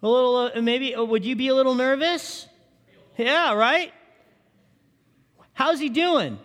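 Guy preaching w a pretty high voice, keeps asking the crowd questions, big echoey hall sound. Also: unhurried, fairly bright tone. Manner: asks the congregation questions. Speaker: pastor. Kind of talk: sermon. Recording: long reverb of a large hall.

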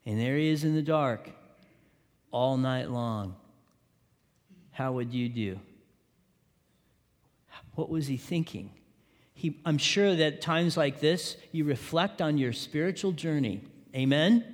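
A man's voice: fairly high pitch, expressive, takes it slowly, long pauses. A male pastor preaching a sermon, often asking the congregation questions. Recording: long reverb of a large hall.

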